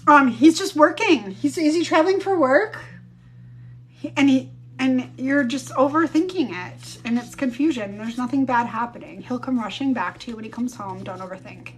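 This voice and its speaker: A woman's voice: high voice, moderate pace. A woman in her thirties chatting casually on a live stream, telling stories with quoted voices and some swearing. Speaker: livestream host.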